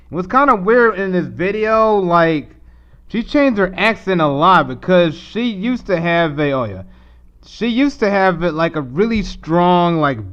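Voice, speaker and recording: Man, stream host, casual rambling commentary, smooth resonant voice, lo-fi dull audio. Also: fairly high pitch, fairly bright tone. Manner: rambling, restarts, mocking put-on voices. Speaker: live stream host reacting to videos. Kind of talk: casual commentary over a played clip.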